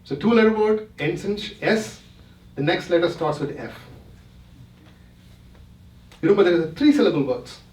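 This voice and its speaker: This retreat presenter has a high, slightly mellow voice with lively intonation, a moderate pace, and frequent pauses. He breaks things down step by step and keeps asking whether the audience is with him, recorded from a distance in a roomy hall.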